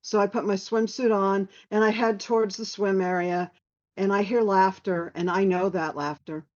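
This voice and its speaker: A woman telling a personal anecdote in a casual, animated way, acting out what others said. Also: mid-range voice, moderate pace. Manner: animated, quoting others in lively voices. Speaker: storyteller sharing memories. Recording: dull lo-fi sound.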